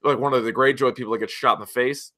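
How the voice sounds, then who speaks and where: An animated young man talking through a show recap in easy, casual conversation. His voice is bright and forward, and he slips into quick voices for the characters' lines. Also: mid-range voice. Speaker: podcast co-host. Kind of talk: casual chat.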